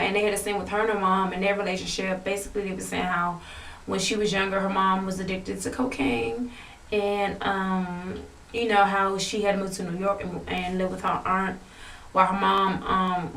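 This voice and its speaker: A woman's voice: mid-range voice, creaky, a bit bright, recorded from a distance, slight background noise. A woman in her twenties casually retelling a reality-show episode, rambling with lots of fillers and restarts. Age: 20s. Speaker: vlogger reviewing a reality show. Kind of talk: casual chat. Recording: echoey room, voice away from the mic.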